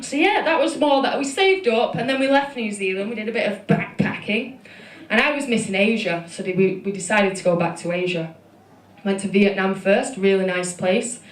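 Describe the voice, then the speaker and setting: A young woman with a Manchester accent telling stories on stage in a chatty, self-deprecating stand-up set full of fillers. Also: medium pitch. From Manchester, England. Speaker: stand-up comedian. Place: comedy club stage. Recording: echoey venue with audience laughter. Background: crowd laughing.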